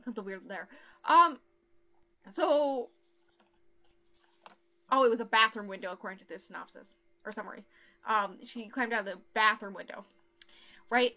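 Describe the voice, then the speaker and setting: In a muffled recording, a podcast co-host with a slightly high voice casually recaps a novel's plot at normal speed, pausing often. She's chatty, says "um" a lot and uses other fillers, and acts out the characters' lines.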